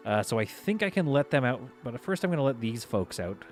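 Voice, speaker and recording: A man commentating live over a space strategy game, giving orders to his crew and reacting out loud as things go wrong. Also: mid-range voice, brisk, soft background music. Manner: excitable, talks to himself and his crew while playing. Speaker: gaming streamer.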